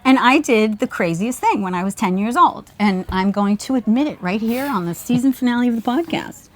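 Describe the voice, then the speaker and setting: Animated woman co-host telling a story. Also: on the high side, brisk. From Long Island, New York. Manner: animated storyteller who acts out quoted voices. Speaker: podcast co-host; Reiki teacher. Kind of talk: casual storytelling. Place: outdoors at a beach before a small audience.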